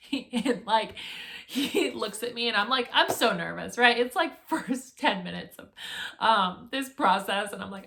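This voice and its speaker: A young woman vlogging, chatty and animated as she tells a story and acts out her own nervous reactions. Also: mid-range voice, unhurried, vocal fry. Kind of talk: casual storytelling to camera.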